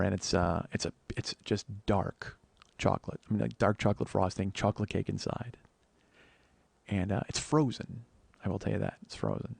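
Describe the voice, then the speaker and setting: A man's voice: on the low side, gravelly, no echo. A man telling a long comic story on a podcast, swearing freely and acting out both sides of a conversation. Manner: profane, animated storytelling, breaks into laughter.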